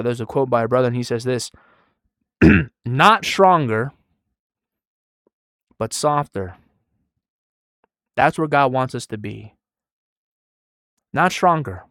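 Young male preacher, twenties, tired and soft-spoken, conversational, dry close sound. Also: mid-range voice, unhurried, pauses often, smooth, dry recording. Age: 20s. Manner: soft-spoken, conversational, trailing quiet between emphatic rises. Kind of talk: sermon.

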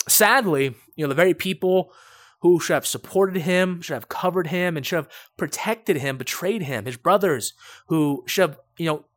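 A man's voice: medium pitch, fairly bright tone, dry recording, studio quality. A man pastor preaching a sermon, building to emphatic, repetitive points. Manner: rising to emphatic preaching with repeated phrases.

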